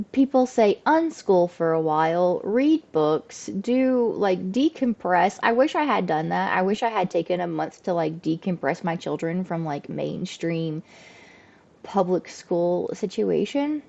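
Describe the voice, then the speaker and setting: Chatty mom in her thirties telling a story, warm mellow voice, kinda dull lo-fi sound. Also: fairly low pitch, a little slow, gravelly. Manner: chatty, animated, lots of "like" fillers. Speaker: homeschooling mom vlogger. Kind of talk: casual storytelling to camera.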